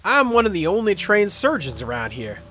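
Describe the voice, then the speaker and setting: A man's voice: high-pitched, wildly swooping pitch, normal speed, pushed and bright, a little hiss or hum, pitched above the performer's own voice, exaggerated voice. A man voicing a chatty, cheerful male orc street surgeon in a video game, friendly and joking. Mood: eager.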